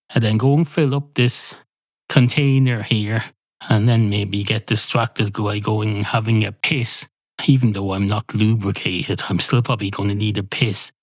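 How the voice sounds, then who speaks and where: A man hosting a podcast alone from a spare room at home, rambling through a deadpan, improvised comic monologue. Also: mid-range voice, no echo. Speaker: podcast host. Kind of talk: rambling solo comedy monologue.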